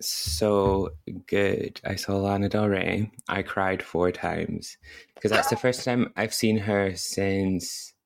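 A woman co-hosting a podcast, telling stories in an animated, gushing way. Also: extremely low pitch, slow, creaky. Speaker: podcast co-host. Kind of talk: casual chat.

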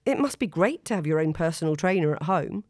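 A woman's voice: lowish voice, expressive, fairly quick, darkish tone, no room sound, studio quality. A woman reading aloud and voicing a prim, judgmental young mother. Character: snobbish, fussy young mother.

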